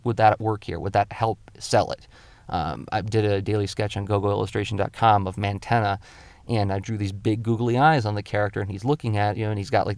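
A man's voice: on the low side, gravelly, a little mellow, no room sound. A male comic illustrator giving a casual spoken drawing tutorial, explaining his tips step by step in a thoughtful way.

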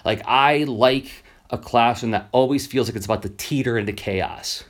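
Male teacher-podcaster, casual solo monologue, animated storyteller. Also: medium pitch, normal speed. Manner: animated storyteller, acts out quoted voices.

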